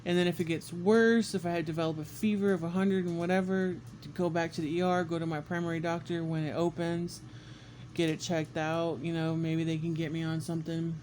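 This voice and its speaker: Guy with a high voice telling a sick-day story, swears a lot, faint room noise behind. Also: a little fast. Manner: animated, swears often, acts out quotes with squeals. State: congested and sick. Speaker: vlogger. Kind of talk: casual storytelling to camera.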